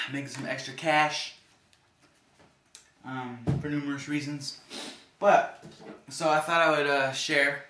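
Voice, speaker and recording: A man casually telling stories to the camera in an animated way, acting out the people he met. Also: a little high, slow pace, pauses often, reverberant.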